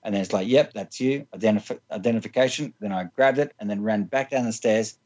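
A man's voice: on the low side, fast, darkish tone, muffled recording. A man telling funny personal stories in a loose, rambling way, laughing often and filling with "like". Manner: rambling, laughs often, many fillers and restarts. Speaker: interview guest. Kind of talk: casual storytelling.

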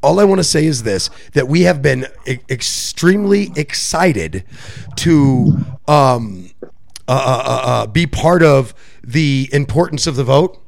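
A man's voice: mid-range voice, expressive, unhurried, vocal fry. A man from Puerto Rico co-hosting a podcast, chatting casually and loosely, swearing and laughing often. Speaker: podcast co-host. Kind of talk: casual chat.

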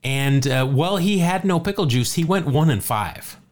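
A man's voice: fairly high pitch, animated, moderate pace. Chatty man telling a baseball story. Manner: chatty, jokey, stumbles and repeats words. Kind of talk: casual podcast chat.

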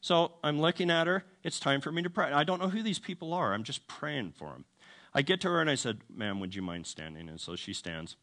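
Animated, bright-voiced man preaching. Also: fairly high pitch, fairly quick. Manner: animated storytelling, acts out quoted voices; self-deprecating humor with laughs. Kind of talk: sermon storytelling.

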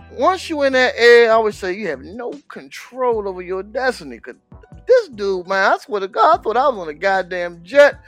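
A man co-hosting a podcast, telling an animated, profane story in casual chat. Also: high voice. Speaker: podcast co-host.

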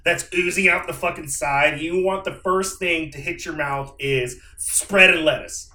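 A young man co-hosting a casual podcast, animated and swearing, laughing often. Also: a little high, unhurried. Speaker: podcast co-host. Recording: echoey room with faint noise.

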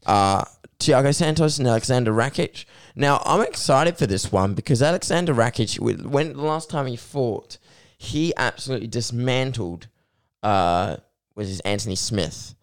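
A man's voice: medium pitch, lively intonation, moderate pace, clean tone. A man in casual sports chat, eager and piling up phrases as he builds his point. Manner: enthusiastic, stacks phrases with like and just.

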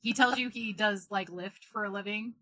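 A woman's voice: mid-range voice, normal speed, bright, forceful tone. A woman chatting casually and spinning a playful made-up story, with a lot of "like".

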